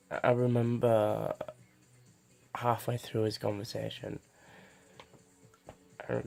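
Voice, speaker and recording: A young man telling a personal story to camera, halting with many restarts and fillers. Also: fairly low pitch, creaky, darkish tone. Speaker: vlogger.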